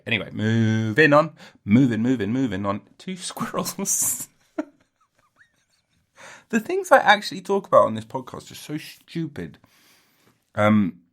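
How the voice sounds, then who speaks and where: A man's voice: fairly low pitch, a bit bright. Rambling, jokey man hosting a podcast. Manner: jokey, self-interrupting, laughs at own jokes. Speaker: podcast host. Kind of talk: rambling solo comedy podcast.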